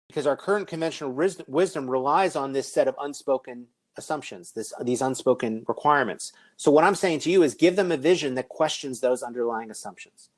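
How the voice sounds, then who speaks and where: A middle-aged man giving a conference keynote, conversational with joking asides. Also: mid-range voice. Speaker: conference speaker. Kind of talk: keynote presentation.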